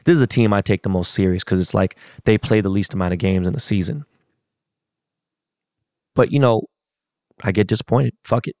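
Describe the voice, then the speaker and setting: A man's voice: lowish voice, vocal fry, a little mellow, dry recording, clean studio sound. A middle-aged man in a casual, profane rant, venting about a loss. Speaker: sports fan.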